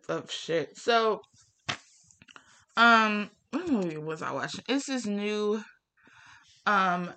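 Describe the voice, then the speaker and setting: Woman, young adult, casual vlog rant, cussing, exasperated, bright voice, lowish pitch. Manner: heated, profane, exasperated; rhetorical questions, pitch leaps up when worked up. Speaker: vlogger.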